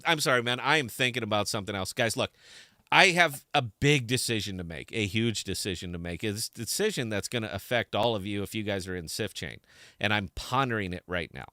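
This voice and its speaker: A man's voice: medium pitch, pushed and bright, dry recording, clean studio sound. A man hosting a live podcast stream and talking to camera in a rambling, distracted way with many restarts. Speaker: podcast host.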